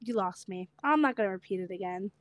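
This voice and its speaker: A young woman co-hosting a casual podcast chat, speaking with a slight stutter and a lisp, chatty and quick to laugh. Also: mid-range voice, expressive, no echo. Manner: chatty, quick to laugh, repeats herself when tired. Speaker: podcast co-host.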